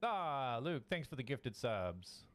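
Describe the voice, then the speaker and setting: A man's voice: mid-range voice, very animated, slow pace, a bit bright. A man acting as game master and live-stream host, chatting casually and laughing often as he greets viewers.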